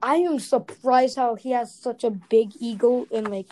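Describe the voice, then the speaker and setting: A woman's voice: on the high side, normal speed, dark tone, rough recording. A young woman co-hosting a podcast, talking bluntly and heatedly with lots of filler words. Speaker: podcast co-host. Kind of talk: casual chat.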